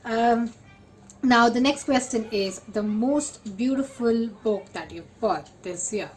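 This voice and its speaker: A young woman, talking casually as a book vlogger, full of fillers and repeats, with excited bursts. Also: a little high, slow pace, faint music behind, low-quality recording. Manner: chatty, lots of fillers and repeats. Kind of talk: casual chat.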